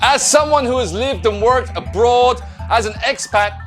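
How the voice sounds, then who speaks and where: A man's voice: normal speed, music in the background. A man putting on a Canadian accent to play a punning male mushroom supplement salesman in a comedy advert sketch. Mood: cheesy, upbeat. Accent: put-on Canadian. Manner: corny puns, sing-song sales pitch.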